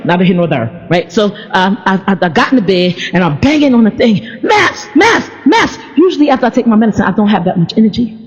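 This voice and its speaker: A woman's voice: medium pitch, a little mellow, in a large hall, lo-fi sound. A woman vlogger in a casual faith monologue, rambling playfully and stammering through many restarts.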